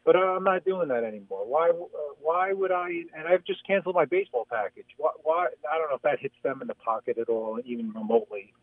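A man calling in to a sports radio show, talking in a halting way with many restarts. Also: fairly high pitch, expressive, dry recording. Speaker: caller. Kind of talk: casual call-in chat. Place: New York City. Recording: phone-like caller line.

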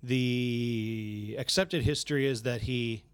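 A man's voice: mid-range voice, slow, clean tone. A man co-hosting a podcast, chatting casually and cracking jokes. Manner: joking, chatty. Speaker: podcast co-host. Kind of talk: casual chat.

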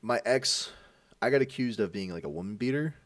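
A man's voice: mid-range voice, a little fast, no echo, clean studio sound, distant mic. A young man in a podcast chat, telling a story with lots of swearing and acted-out quotes. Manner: animated, acts out quoted voices, swears a lot.

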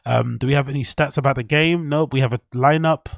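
A man's voice: medium pitch, steady tone, a little fast, creaky, no echo, studio quality. A young man hosting a casual podcast, rambling with strong opinions, swearing and laughing at his own jokes. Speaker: podcast host.

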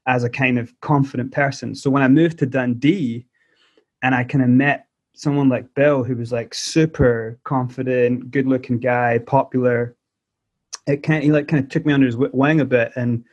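A man's voice: medium pitch, fairly even intonation, moderate pace, darkish tone. A man in his forties with a Scottish accent carrying South African traces, telling his life story as a podcast guest in a loose, rambling way full of restarts. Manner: rambling, many restarts and "like" fillers. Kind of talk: casual interview storytelling. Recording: dull lo-fi audio.

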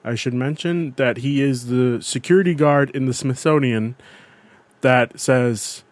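Young male co-host, animated and sweary, dead-dry sound. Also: medium pitch, measured pace, dry recording. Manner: excitable, swears, defends his picks. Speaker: podcast co-host. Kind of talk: casual chat. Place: lives in New York.

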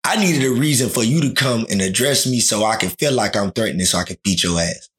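A man's voice: lowish voice, fast, fairly bright tone. A man talking in a casual, slangy chat, often acting out quoted dialogue.

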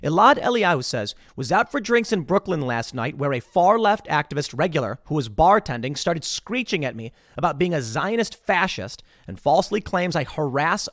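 A man hosting a live political commentary show, talking in an animated way and acting out quotes. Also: on the high side, no room sound, studio quality. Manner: animated, acts out quotes in other voices. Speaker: host.

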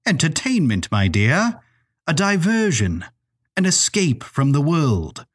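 Narrator as courteous grand lodge keeper, gentle, somewhat raised pitch, lively. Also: male voice, takes it slowly, slightly rough, exaggerated voice.

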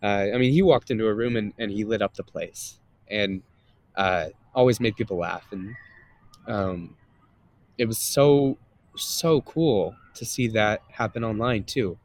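A man's voice: on the low side, unhurried, darkish tone. A man, a guest and content creator, chatting casually in an interview with a slightly nasal voice, rambling with many fillers and restarts.

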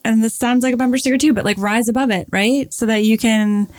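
A woman's voice: on the high side, fast, dry recording. A woman co-hosting a casual chat, telling stories with lots of "like" fillers. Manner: chatty, many "like" fillers, animated storytelling.

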